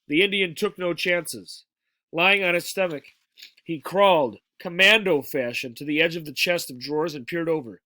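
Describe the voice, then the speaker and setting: A man reading a children's novel aloud in a steady, plain manner with small stumbles. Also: a little high, normal speed, dry recording. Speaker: reader. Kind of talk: storybook read-aloud.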